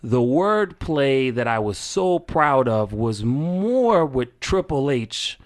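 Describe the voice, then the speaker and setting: A man's voice: medium pitch, slow. A man chatting about wrestling on a podcast with plenty of energy. He talks in a loose, casual way and keeps repeating words as he builds up to his point. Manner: excitable, repeats words when starting. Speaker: podcast co-host.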